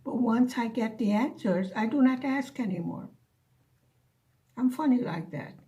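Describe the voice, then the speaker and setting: Slow, soft-spoken woman chatting while crafting. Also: fairly high pitch, expressive, highs cut off. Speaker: craft vlogger. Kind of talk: casual chat while diamond painting. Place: living in Hungary, at home.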